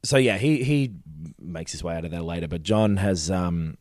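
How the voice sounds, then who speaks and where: A man's voice: deep voice, expressive, moderate pace, darkish tone, dry recording, clean studio sound. A man chatting casually on a podcast, recapping a TV episode in a rambling way, swearing now and then and acting out quotes. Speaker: podcast co-host.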